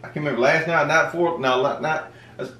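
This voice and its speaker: A man's voice: fairly high pitch, fairly even intonation, quick pace, pushed and bright. A man chatting casually to camera in a joking, playfully indignant way. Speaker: homestead vlogger. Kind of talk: casual family chat to camera. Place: home room. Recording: echoey room, mic at a distance.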